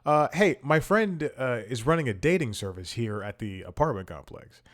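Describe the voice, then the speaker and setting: A man's voice: expressive, normal speed, fairly bright tone, natural voice. A man putting on a pushy Italian-accented stranger. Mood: eager. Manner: eager, high, insistent questioning. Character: pushy male stranger, eager and nosy.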